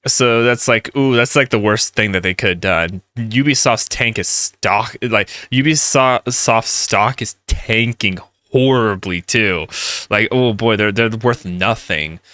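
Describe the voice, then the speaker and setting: A man's voice: on the low side, unhurried, pushed and bright, no room sound. A man ranting in rambling gaming commentary, heated and full of restarts.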